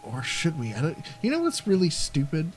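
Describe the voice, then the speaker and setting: A man's voice: on the high side, huge pitch swings, moderate pace, faint music behind. A man giving casual gameplay commentary, rambling and thinking aloud with lots of fillers. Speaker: let's play host.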